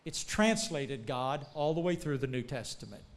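A man preaching a sermon, telling folksy stories and building to shouts. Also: medium pitch, moderate pace. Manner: animated, rising to shouts, folksy storytelling.

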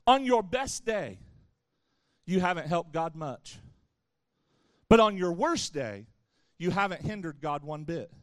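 A man's voice: on the high side, expressive, slow, pauses often, no room sound. A man giving a sermon to young people, speaking conversationally and with playful asides to the crowd. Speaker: youth pastor.

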